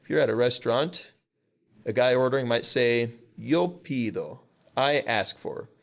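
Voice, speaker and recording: A man's voice: medium pitch, fairly even intonation, vocal fry, clean tone. Man teaching vocabulary, slightly muffled. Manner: patient, repeats words slowly and explains casually. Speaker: Spanish teacher. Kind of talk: classroom vocabulary lesson.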